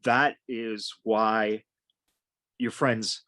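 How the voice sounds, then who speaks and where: A man's voice: fairly low pitch, steady tone, drawn-out words, bright, forceful tone, dry recording. A man hosting a podcast in casual conversation, talking in a loose, rambling way and swearing freely. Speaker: podcast host.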